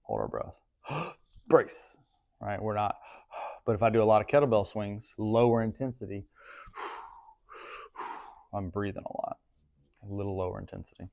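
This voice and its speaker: A man's voice: lowish voice, lively intonation, moderate pace, creaky, long pauses, a little mellow. A man coaching a class in a gym, talking casually and checking in with frequent questions. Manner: casual, asks the group questions often. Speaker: strength coach.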